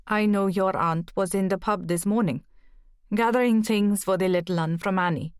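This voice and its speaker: Woman putting on a gruff older Welsh countryman. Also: medium pitch, normal speed, dry recording, clean studio sound, lightly acted. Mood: friendly. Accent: heavy Welsh accent, put on. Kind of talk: audiobook character voice.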